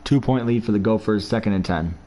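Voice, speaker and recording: A man chats his way through a football video game, rambling and reminiscing between plays. His voice sits a little low, relaxed and conversational, like a fan talking to viewers at home. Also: a little fast, faint music behind. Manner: chatty, rambling, reminiscing about college football. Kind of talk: casual gameplay commentary.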